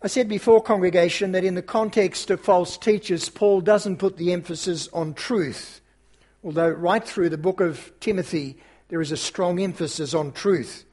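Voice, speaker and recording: A man's voice: high-pitched, normal speed, darkish tone. A man preaching a sermon to his congregation, then leading a prayer, in an earnest, emphatic way. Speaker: pastor.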